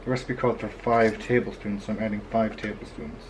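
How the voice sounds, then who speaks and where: A man's voice: lowish voice, fairly even intonation, fast talker. A young man and father talking casually to a handheld camera in a home vlog, at home and in a car. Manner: chatty, talks straight to the camera. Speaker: father and vlogger. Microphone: handheld compact camera. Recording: background noise with vehicle hum.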